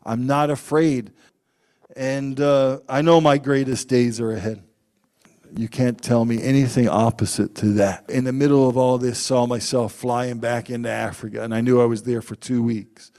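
A man preaching a sermon, telling personal stories in an animated way and acting out the quotes loudly. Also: medium pitch, moderate pace.

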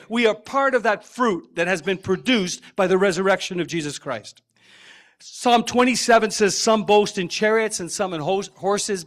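Emphatic preaching man, higher voice. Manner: emphatic, repeats phrases, warm asides to the congregation. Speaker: pastor. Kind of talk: sermon. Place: church sanctuary.

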